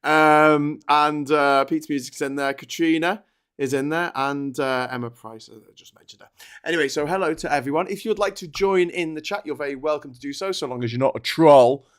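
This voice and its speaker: A man's voice: on the high side, fairly quick, fairly bright tone, clear, resonant tone. Chatty rambling male talk-show host. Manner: chatty, rambling, swears and laughs. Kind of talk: casual political chat show.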